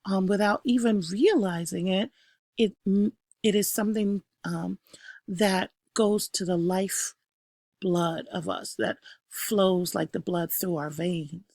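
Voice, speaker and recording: Woman, teacher, slow explaining pace, dry close sound, stresses each new term. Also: lowish voice, a little mellow, dry recording. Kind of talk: recorded classroom lesson.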